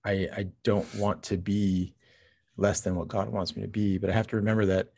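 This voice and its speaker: Low gravelly man, reflective chat. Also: flat delivery, warm tone, no room sound. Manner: reflective, halting, many restarts. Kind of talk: casual chat.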